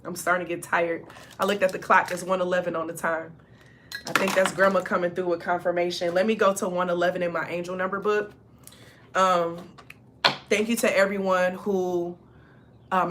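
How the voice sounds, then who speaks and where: With a lowish, fairly bright voice and slight background noise, a spiritual reader passes along ancestor messages to her viewers. She's chatty, emphatic and direct, often pausing to ask "okay?".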